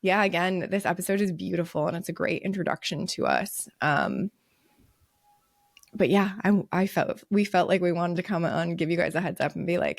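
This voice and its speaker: A woman's voice: on the low side, steady tone, moderate pace, gravelly, dry recording, clean studio sound. A young American woman co-hosting a podcast, chatty and bubbly, with lots of fillers. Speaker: podcast co-host. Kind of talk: casual chat.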